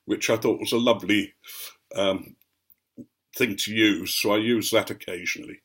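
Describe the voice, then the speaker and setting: Husky English-accented man rambling. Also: on the low side, fairly even intonation, a bit bright. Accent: mostly received English, light Norfolk. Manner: unhurried storytelling with frequent ums. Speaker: vlogger. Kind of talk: rambling anecdotal chat to camera.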